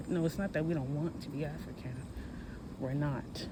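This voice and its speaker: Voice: mid-range voice, fairly even intonation, moderate pace. Forties vlogger just walkin and talkin outside, rambly, keeps fixin what they said, traffic noise around. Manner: rambling, conversational, self-correcting. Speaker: history vlogger. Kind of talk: casual walking vlog. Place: outdoors, walking on a hot day. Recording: noisy outdoor phone recording.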